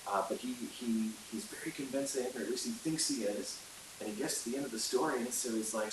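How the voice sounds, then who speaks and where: A man's voice: medium pitch, fast talker. A man teaching a class in a chatty storytelling way, with many fillers and asides, recorded in an echoey room with hiss. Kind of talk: casual classroom lecture.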